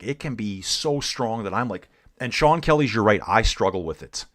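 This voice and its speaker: A middle-aged man from Canada giving casual live race commentary while chatting with viewers, calling them dude and guys. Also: lowish voice. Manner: laid-back, calls viewers dude and guys. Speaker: streamer and cycling commentator.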